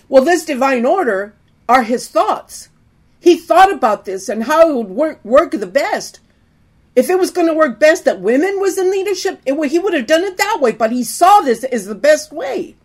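A woman's voice: sits high, big pitch swings, normal speed. A middle-aged woman teaching a sermon to women, preachy, often calling out "amen?". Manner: preachy, frequent call-outs of "amen?".

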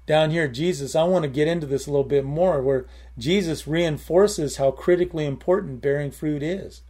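A man with a voice on the high side and a darkish tone preaches a sermon conversationally. He repeats key phrases for emphasis and breaks into short prayers.

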